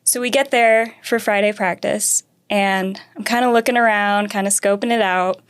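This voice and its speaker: A woman's voice: medium pitch, fairly even intonation, normal speed, clean tone. A young woman, a karting racer, telling a long story from her racing start in a casual interview, acting out quotes and laughing often. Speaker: karting racer, podcast guest.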